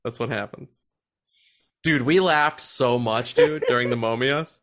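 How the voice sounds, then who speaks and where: A man co-hosting a podcast in casual chat, excited and profane, often laughing as he tells stories. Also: medium pitch, unhurried. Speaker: podcast co-host.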